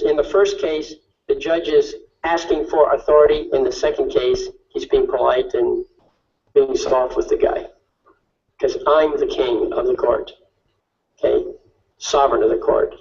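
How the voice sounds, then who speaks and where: A man's voice: fairly high pitch, a little mellow, recorded from a distance, dull audio. A man giving an instructive talk on court tactics, asking rhetorical questions and often checking in with "okay?". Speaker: speaker on legal tactics. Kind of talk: lecture-style talk.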